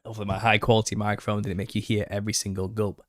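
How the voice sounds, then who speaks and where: Male live-stream host, slightly raspy, lowish voice, dry close recording, reacts bluntly to chat. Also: level tone, very fast, no echo. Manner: reads out chat comments and retorts, exasperated, laughing. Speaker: channel host answering viewer questions.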